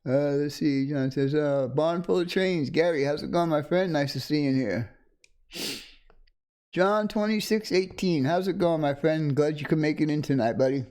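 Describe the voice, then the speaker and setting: A middle-aged man hosts a casual livestream from a home desk, speaking close to a condenser microphone. His voice sits a little high for a man, and he rambles easily, greeting viewers by name with frequent chuckles. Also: moderate pace, darkish tone. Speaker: livestream host. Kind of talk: casual live-stream chat.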